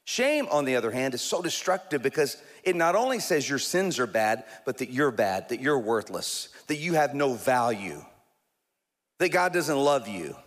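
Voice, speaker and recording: A pastor preaching a sermon in a church, animated, with emphatic rises and slow stressed phrases. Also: male voice, mid-range voice, long reverb tail.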